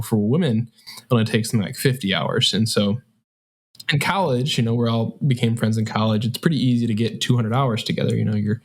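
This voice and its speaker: A man co-hosting a podcast, reflecting in a rambling, casual way with plenty of fillers. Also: on the low side. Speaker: podcast co-host. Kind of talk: casual book-club chat.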